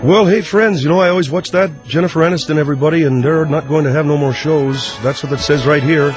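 A man's voice: fairly high pitch, fast talker, over music, close to an everyday voice. A man voicing a dim, folksy male newsman with a Canadian accent who rambles through gossip in a radio comedy bit. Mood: rambling.

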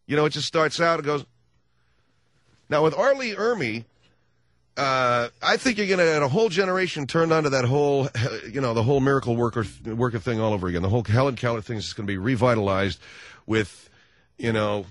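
A man's voice: medium pitch, animated, brisk, a bit bright, no echo. A man hosting a talk radio show, rambling and joking in casual chat. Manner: rambling, jokey.

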